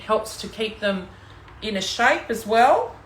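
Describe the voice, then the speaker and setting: A woman's voice: on the high side, lively intonation, slow, echoey room, slight background noise. Chatty Australian woman cooking live. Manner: chatty, talks to viewers while working. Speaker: cooking demonstrator and team leader. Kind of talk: live cooking stream chat. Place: home kitchen.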